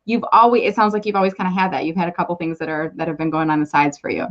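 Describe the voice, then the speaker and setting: A woman's voice: on the low side, fairly even intonation, very fast, muffled recording. A woman hosting a casual live video interview, chatty and encouraging, often restarting her sentences as she thinks aloud. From Michigan, United States. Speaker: host.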